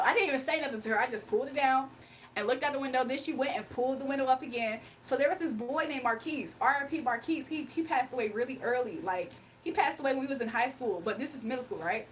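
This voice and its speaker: A young woman livestreamer telling a story to her chat in an animated, chatty way with asides. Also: high-pitched, quick pace, distant mic, slight background noise, low-quality recording. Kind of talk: casual storytelling to a live chat.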